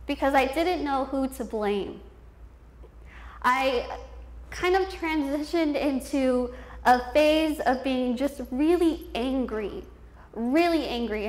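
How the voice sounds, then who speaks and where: A woman in her twenties telling her life story as a motivational speaker, candid and self-deprecating, laughing often. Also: fairly high pitch. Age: 20s. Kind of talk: personal storytelling speech. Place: event hall with a youth audience. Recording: echoey room.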